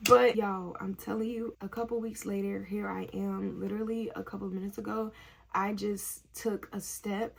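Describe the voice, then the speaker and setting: A young woman tells a personal story to her viewers in a loose, chatty way. Her voice is gravelly with a husky edge, and she sits at a middle pitch for a woman. She laughs often and scatters "like" through her sentences. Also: little pitch movement, moderate pace. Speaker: vlogger, nursing student. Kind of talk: casual story-time chat.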